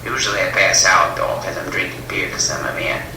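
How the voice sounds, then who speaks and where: A man's voice: low voice, steady tone, a little fast, noisy background, lightly acted. A man playing a rambling tailgate caller. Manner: rambling, mumbling, hesitant. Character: sleepy male tailgating caller from Wisconsin. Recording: echoey room from far off.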